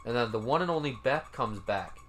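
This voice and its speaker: A man's voice: medium pitch, expressive, brisk, a bit bright, faint music behind. A man giving casual, laid-back commentary as he reads out comments, cursing now and then and sounding mildly incredulous. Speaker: commentary YouTuber.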